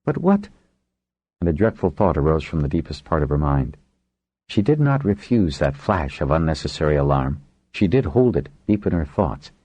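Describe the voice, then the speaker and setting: A man reading a fantasy audiobook in a measured storytelling manner, in a dry, close recording. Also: a bass voice, animated, a little mellow, breathy edge, no room sound. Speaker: audiobook narrator. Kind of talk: scripted audiobook narration.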